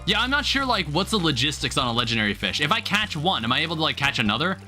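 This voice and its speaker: A man's voice: a little high, big pitch swings, fast, bright, forceful tone. A young man chatting casually on a live stream while he plays a game, thinking aloud in a rambling way with lots of filler words. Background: faint game music.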